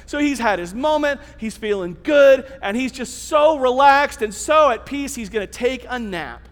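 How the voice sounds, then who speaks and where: A man preaching a sermon as a pastor, telling the story in an animated, conversational way. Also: very high voice, moderate pace, in a large hall.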